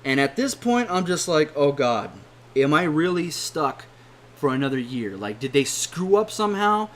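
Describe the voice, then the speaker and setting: Young male YouTuber with a slightly high voice; heated, blunt, swear-heavy rant. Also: a little hiss or hum. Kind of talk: angry rant to camera.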